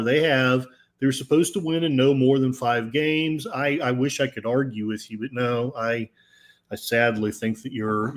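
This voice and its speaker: Slow, sarcastic man reading live chat. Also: medium pitch. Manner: sarcastic, mock-solemn, slow and deliberate. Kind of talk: casual livestream chat.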